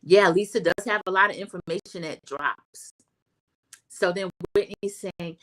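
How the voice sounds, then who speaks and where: A middle-aged woman hosting a livestream, casually recapping a reality TV episode and giving her opinions, chatty and animated when she acts out quoted lines. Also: on the low side, moderate pace, rough recording. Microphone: home streaming setup.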